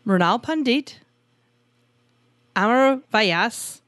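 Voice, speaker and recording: A woman with a higher-pitched, lively voice speaks very slowly, her tone fairly bright, in a dry, clean studio recording. She co-hosts a podcast about couples in business from a home studio in Arizona, chatty and self-deprecating, cracking jokes as she introduces guests.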